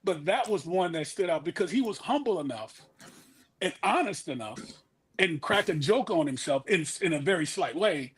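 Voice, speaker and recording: A man's voice: high-pitched, animated, normal speed, slightly rough. A man, a former college football player, telling team stories in a rambling, casual podcast chat. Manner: rambling, lots of fillers and restarts.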